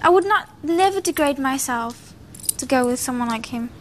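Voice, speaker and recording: A woman, a reality show housemate, chatting casually with quick, dismissive remarks. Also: high voice, lively intonation, a little hiss or hum. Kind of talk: casual chat.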